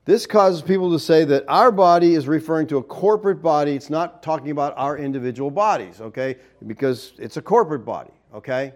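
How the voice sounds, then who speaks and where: A man's voice: on the high side, a little mellow. A man preaching a verse-by-verse Bible teaching, explaining Greek words and often checking in with the listeners.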